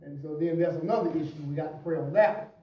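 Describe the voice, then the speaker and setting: A high-pitched man preaching with a mellow, warm tone, pushing some lines out loud and dropping others low. He is a pastor who keeps dropping in praise and amen between his points. He is picked up by a distant mic in a very echoey church. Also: fast talker, a little hiss or hum. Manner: punctuates with "praise the Lord" and "hallelujah"; preacherly, swings between loud emphasis and quiet asides. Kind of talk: preaching at a bible study.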